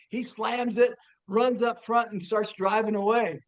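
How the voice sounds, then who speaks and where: A man's voice: high voice, fairly even intonation, moderate pace, poor audio. An older man, a former player, telling stories casually and laughing as he goes. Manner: laughing while telling anecdotes. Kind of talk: casual storytelling.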